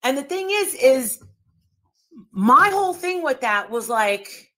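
A high-voiced woman hosts a livestream and rants in a heated, combative way. She swears constantly, talks over others and hammers her points home by repeating them. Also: sing-song, takes it slowly, pushed and bright. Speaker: livestream host.

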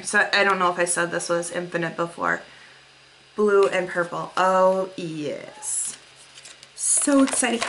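A woman's voice: medium pitch, bright, forceful tone. A young woman vlogger unboxing mail, gushing with gasps and breathless exclamations as she shows each item. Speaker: beauty vlogger.

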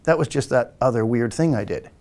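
A man's voice: mid-range voice, brisk, darkish tone. A man in his sixties from England, hosting a podcast and telling rambling stories about his childhood in a casual way while acting out family voices. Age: 60s. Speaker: podcast host and hypnotist. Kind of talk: casual storytelling.

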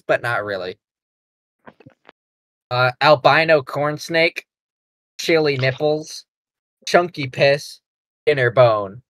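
A young man hosting a podcast, rambling and excitable in crude casual banter, laughing often. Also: mid-range voice, no room sound. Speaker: podcast host.

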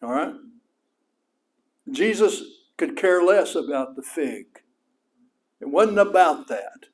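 A middle-aged West Texas pastor takes his sermon slowly. His manner is folksy and animated, with his voice reaching up high whenever he emphasizes something.

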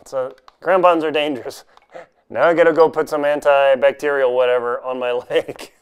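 In his home unboxing video, a man talks through his gear in a relaxed, self-mocking way, cracking jokes and laughing at himself. His voice is smooth and sits on the high side.

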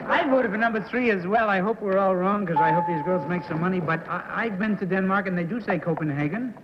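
A man with a high voice, needling the contestants with wry, teasing quips as a panelist. The sound is a dull 1960s TV recording with clear hiss and a long studio echo. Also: fairly quick. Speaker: game show panelist. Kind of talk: casual game show questioning.

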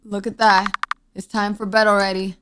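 A woman gaming streamer, medium-pitched with little pitch variation and normal speed, plays a horror game with background noise behind her. She's jumpy, gasping and anxiously talking to herself in let's play commentary.

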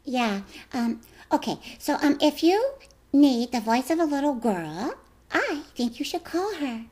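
A woman's voice: high voice, very animated, a little slow, a little mellow, voice pushed up. A woman doing a hesitant little girl. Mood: shy. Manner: hesitant, filler-heavy.

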